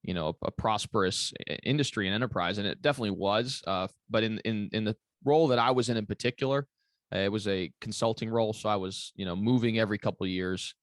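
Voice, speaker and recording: A man's voice: on the low side, quick pace, dry recording, studio quality. A man giving long, rambling interview answers as a commercial real estate broker, with many fillers and restarts. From Kentucky.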